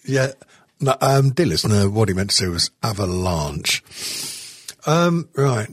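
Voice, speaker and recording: A middle-aged man hosts a podcast while stoned on edibles, rambling from one thing to the next. He swears freely and giggles between thoughts. His husky voice is recorded dry and close. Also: lowish voice, lively intonation, measured pace, no echo. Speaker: podcast host. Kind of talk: casual podcast chat.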